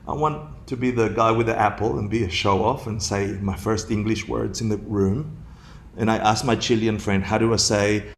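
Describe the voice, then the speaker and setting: Dharma teacher, male, from Argentina; gravelly, lively storyteller who laughs a lot. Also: lowish voice. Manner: animated, jokey, laughs often.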